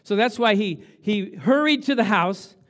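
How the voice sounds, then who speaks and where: A man's voice: sits high, lively intonation, a little slow, a bit bright. A man preaching a sermon, acting out Bible scenes and laughing often as he talks. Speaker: pastor.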